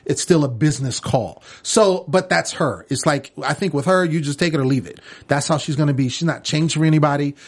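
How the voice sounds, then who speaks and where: A man co-hosting a casual talk show about a reality series, animated and acting out quotes as he talks. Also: fairly high pitch, fairly quick, few pauses. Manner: animated, acts out quotes with a raised voice. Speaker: podcast co-host.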